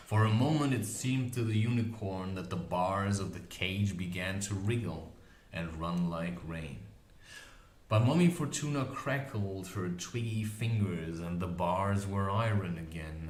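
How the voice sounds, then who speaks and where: A man narrating a fantasy novel aloud in an expressive, lively storytelling manner. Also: sits low, measured pace. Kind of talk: audiobook reading of a fantasy novel. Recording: echoey room recording with faint ambience.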